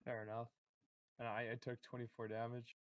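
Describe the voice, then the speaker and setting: A man's voice: medium pitch, completely flat delivery, fairly quick, no echo. Chill guy joking through his turn in a tabletop game, dry close mic. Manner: joking, easygoing. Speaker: player. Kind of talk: casual game chat.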